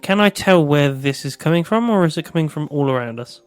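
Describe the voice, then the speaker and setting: Guy player in a tabletop game, kinda high voice, dry deadpan comments. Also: a little fast, smooth, dry recording, faint music behind. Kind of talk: tabletop role-play chat.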